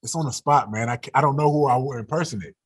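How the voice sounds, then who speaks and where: A man's voice: mid-range voice, fast talker, slightly rough. A young adult man, a football player, talking casually in an interview, laid-back and often laughing.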